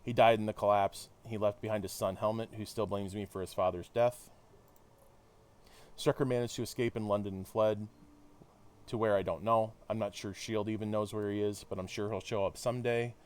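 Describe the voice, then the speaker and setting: A man reading a steadfast male soldier hero's mission account in his own low voice. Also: fairly even intonation, fairly quick, smooth, close to an everyday voice. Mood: earnest.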